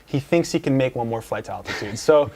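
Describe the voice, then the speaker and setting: Fast-talking man telling a story. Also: mid-range voice, animated, creaky, darkish tone. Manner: rambling, filler-heavy anecdote telling. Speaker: guest. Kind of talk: casual storytelling interview. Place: dealership lounge couch.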